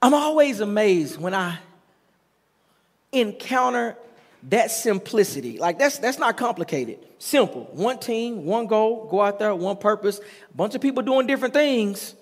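A man's voice: high voice, lively intonation, a little slow. Pastor, man, middle-aged, sermon in a church with a long echo, leading the room in call-and-response. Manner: preaching with call-and-response and chanted repetition. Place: church sanctuary. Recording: long hall reverb.

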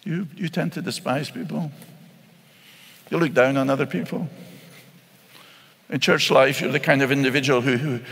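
A man's voice: medium pitch, normal speed, long pauses, a bit bright, breathy edge. A man preaching a sermon, earnest and pleading, often repeating words as he presses his point. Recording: long hall reverb.

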